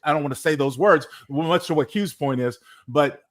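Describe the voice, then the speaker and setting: A man, a former player turned analyst, talking sports on a podcast in an emphatic, animated, jokey way. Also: a little high, normal speed. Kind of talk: casual sports podcast talk.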